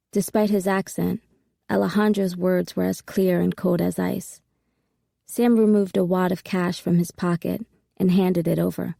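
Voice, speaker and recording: A woman narrates a first-person audiobook with steady, intimate storytelling. Her voice is heavily gravelly and mellow. It is recorded dry and close on a studio mic. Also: lowish voice, moderate pace, no echo.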